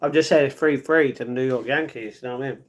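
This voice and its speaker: A man hosting a casual live stream, reading the chat, chatty and slangy, jumping between excited outbursts and muttered asides. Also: medium pitch, fast. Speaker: livestream host.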